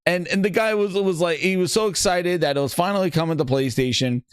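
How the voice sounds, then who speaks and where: A man hosting a gaming podcast, chatting excitedly, rambling, swearing and cracking himself up. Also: high-pitched, fairly quick, smooth, no echo, clean studio sound. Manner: rambling, laughs at his own jokes, swears a lot. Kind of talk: excited casual chat.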